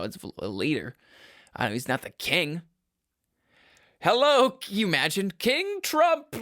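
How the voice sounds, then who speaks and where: A young man from Michigan's Upper Peninsula hosting his own podcast, rambling and cutting himself off, laughing at his own jokes and breaking into loud yells. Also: fairly high pitch, no room sound, studio quality. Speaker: podcast host. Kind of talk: casual solo podcast chat.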